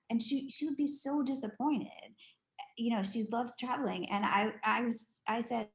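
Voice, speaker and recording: A woman's voice: on the high side, moderate pace. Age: middle-aged. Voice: chatty woman, echoey room. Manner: animated, chatty, many "like"s and restarts. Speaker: podcast guest. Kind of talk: casual storytelling interview.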